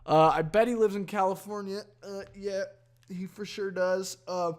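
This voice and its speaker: A high-pitched man speaks in a steady tone at a moderate pace while hosting his solo podcast. Leaning over the desk mic, he goes on a crude, dismissive rant laced with endless profanity.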